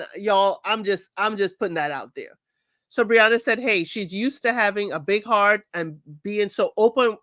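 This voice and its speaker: A woman's voice: medium pitch, fairly bright tone, no echo, clean studio sound. A woman hosting a casual recap show. She talks straight to her listeners in a chatty, opinionated way. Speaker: podcast host recapping a reality show.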